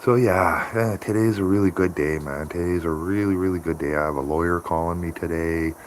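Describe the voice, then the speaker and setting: Low-voiced rambling man streaming live. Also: a little fast, slight background noise. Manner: rambling and chatty, laughs often. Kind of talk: casual morning live-stream chat. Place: home by a window.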